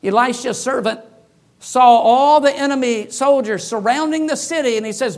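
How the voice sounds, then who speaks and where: A man's voice: extremely high pitch, moderate pace. A man preaching as a pastor, telling personal stories and acting out the voices of the people in them. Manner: animated, acts out quoted voices. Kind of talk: sermon storytelling.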